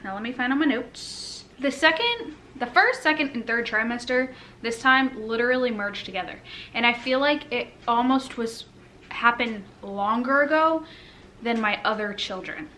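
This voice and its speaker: A woman's voice: fairly high pitch, lively intonation, normal speed, pushed and bright, slight background noise. A young woman chatting casually to the camera at home, rambling with lots of fillers, a little out of breath while pregnant. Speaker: lifestyle vlogger. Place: home, indoors.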